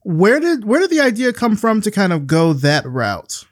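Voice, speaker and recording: A man hosting a podcast, asking his guest unhurried, measured questions. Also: high voice, wildly swooping pitch, dry recording, studio quality. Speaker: podcast host. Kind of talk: interview questions.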